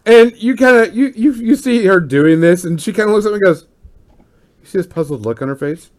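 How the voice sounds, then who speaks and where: An excitable male game master narrating a tabletop game, his voice high and swooping with energy. He talks in quick bursts and laughs often.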